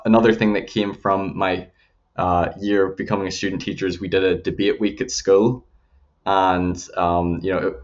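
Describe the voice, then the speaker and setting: A young man with a Northern Irish accent, talking earnestly as an interview guest, with frequent fillers. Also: sits low. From Northern Ireland. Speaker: guest, YouTube channel creator. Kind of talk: casual interview conversation. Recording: slightly dull lo-fi audio.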